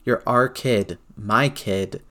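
A man's voice: on the low side, slow pace, sharp tone. A man reading aloud who voices a blunt, swearing, grieving middle-aged aunt comforting her nephew in a storybook reading. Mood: fierce tender.

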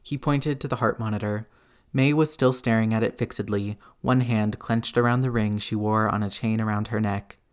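A man narrating fiction in a measured, even audiobook reading. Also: lowish voice. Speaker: reader.

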